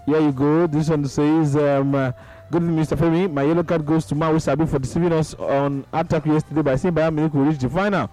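Jovial Nigerian radio call-in host. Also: male voice, fairly high pitch, steady tone, fast talker, dark tone, rough recording. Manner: jovial, laughs often, mixes in Pidgin. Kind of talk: casual call-in radio chat. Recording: radio broadcast with faint music.

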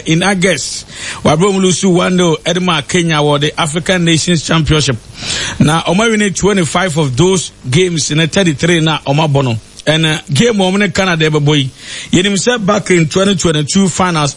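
A man giving football radio analysis in a halting way, with many fillers. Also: sits high, fairly bright tone. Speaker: match analyst.

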